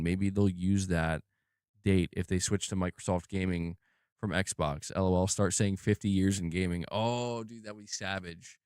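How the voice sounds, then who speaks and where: A man's voice: fairly low pitch, smooth, dry recording, studio quality. A man streaming live, commenting on gaming news in a casual, slang-heavy, profane way. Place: home room.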